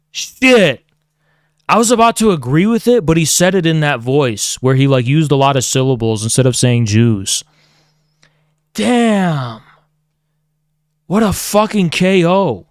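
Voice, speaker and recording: A man's voice: a little high, big pitch swings, slow, clear, resonant tone, no room sound, studio quality. A man streaming heated commentary, sarcastic and profane, mocking the people he talks about.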